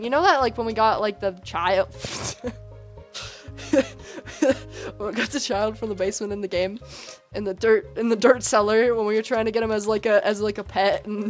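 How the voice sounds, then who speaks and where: High-pitched giggly young woman streamer. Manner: giggly, chatty, talks straight to chat, calls people bro. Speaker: livestreamer. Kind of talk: casual live gaming stream chatter.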